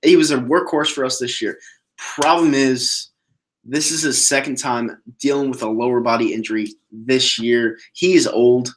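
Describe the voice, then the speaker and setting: A man hosts a casual solo sports podcast and answers viewer questions. He talks bluntly, swears freely and rants with animated energy. His voice sits at an average pitch for a man. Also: moderate pace. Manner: blunt, profane, animated ranting.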